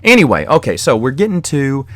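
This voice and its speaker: A man's voice: mid-range voice, huge pitch swings, a little fast, no room sound, studio quality. A man hosting a podcast on his own, telling rambling stories in a casual monologue and chuckling as he goes. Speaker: podcast host.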